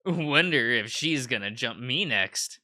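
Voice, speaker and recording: Man playing a cocky teasing teen boy, smug, slow drawl, bright tone. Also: mid-range voice, lively intonation. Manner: smug, joking.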